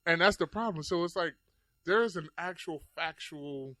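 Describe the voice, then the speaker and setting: A man's voice: fairly high pitch, normal speed, bright, forceful tone, no echo. Casual, profane man in his thirties. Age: 30s. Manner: loose, profane storytelling with many "like" fillers. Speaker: podcast host. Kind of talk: casual podcast chat.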